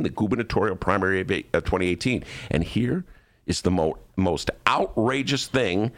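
A man hosting political talk radio, animated and sarcastic, speaking to listeners as folks. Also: lowish voice. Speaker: radio talk show host. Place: radio studio.

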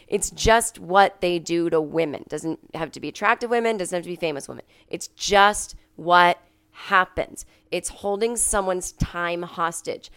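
A sick woman hosting a podcast from home, telling a story in a casual monologue, coughing and clearing her throat, and acting out the people she quotes. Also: on the low side, measured pace. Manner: animated, acts out quoted people in a raised voice. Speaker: podcast host.

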